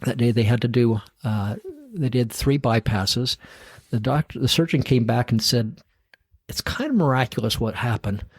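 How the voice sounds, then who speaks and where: Husky middle-aged man telling a story. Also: medium pitch, normal speed, no echo. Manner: animated storyteller acting out dialogue, chuckling at his own story. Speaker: podcast guest. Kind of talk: storytelling in a casual interview.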